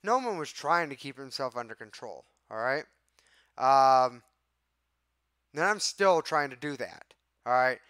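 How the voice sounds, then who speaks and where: A man's voice: on the high side, a bit bright, clean tone, dry recording, studio quality. A man hosting a live stream, exasperated and swearing as he answers his chat. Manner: exasperated, profane, talks to chat. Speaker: livestream host. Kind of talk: casual live-stream talk.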